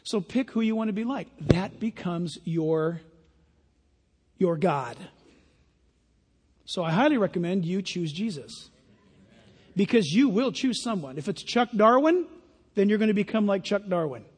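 High-voiced preaching man in a reverberant hall. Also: lively intonation, measured pace, pauses often, darkish tone, slightly rough. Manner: emphatic preaching, sarcastic asides. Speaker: pastor. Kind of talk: sermon.

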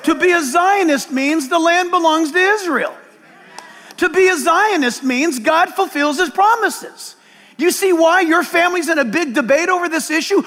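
A man, a pastor, preaching a sermon in an animated, joking way that bursts into shouts. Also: extremely high pitch, moderate pace. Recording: long hall reverb.

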